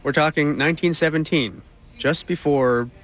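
A male reporter narrating a news feature in a measured, conversational way. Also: a little high, a bit bright.

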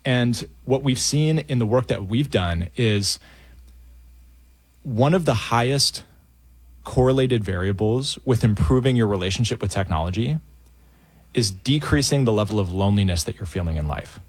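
A man's voice: on the low side, lively intonation, moderate pace, a little mellow, slightly rough, no echo. A man answering questions as a radio guest, earnest and thoughtful, sometimes stumbling on his first words. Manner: earnest, thoughtful, repeats words when starting. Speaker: guest, founder of a tech-addiction project.

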